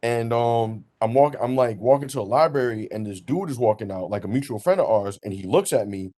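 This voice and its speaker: Young New man, podcast host, animated storyteller, plenty of slang. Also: medium pitch, a little fast. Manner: animated, slangy, laughs through his story. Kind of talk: casual storytelling chat.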